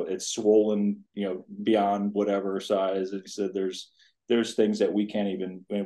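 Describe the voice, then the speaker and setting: A man in his fifties with a somewhat low voice recounts a personal story for a podcast interview. He talks as a college tennis coach, earnestly and loosely, wandering through many asides as he goes. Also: mellow. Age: 50s.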